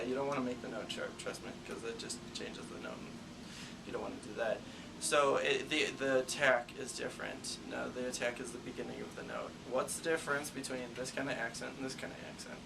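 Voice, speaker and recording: A man's voice: medium pitch, steady tone, fairly quick, creaky. A young man teaching a school band class, explaining step by step in an encouraging way. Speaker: music teacher. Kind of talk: classroom instruction. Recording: distant mic with room noise.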